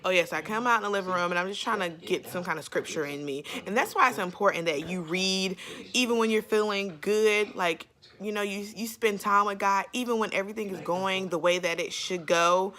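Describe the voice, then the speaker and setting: A woman's voice: mid-range voice, a little fast, a bit bright. A young woman, talking candidly in a casual faith vlog about motherhood, with lots of "like" and "you know.". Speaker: vlogger sharing faith and motherhood.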